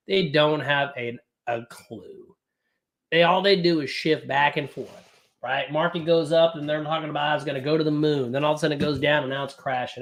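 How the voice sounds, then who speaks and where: A man hosting a live trading class, talking casually with blunt, profane, energetic banter. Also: on the high side. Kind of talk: live-streamed casual teaching.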